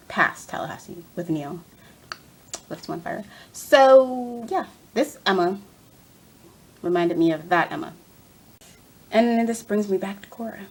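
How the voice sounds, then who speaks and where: A woman with a slightly high, breathy voice rants about a TV episode. Her pitch swings up and down as she talks, and she rambles and sounds exasperated, with plenty of fillers. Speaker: TV fan reviewer. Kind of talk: casual episode rant.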